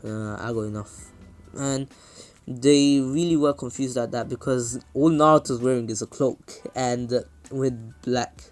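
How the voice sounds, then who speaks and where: A man's voice: medium pitch, fairly even intonation, measured pace, faint music behind. A man casually retelling a fan-made anime story, rambling, often correcting himself and filling gaps. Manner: rambling, with fillers and self-corrections.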